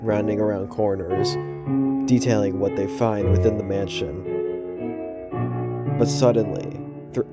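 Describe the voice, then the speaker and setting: A man with a scratchy throat narrating a horror story voiceover in a low monotone, hushed on the eerie lines. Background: music.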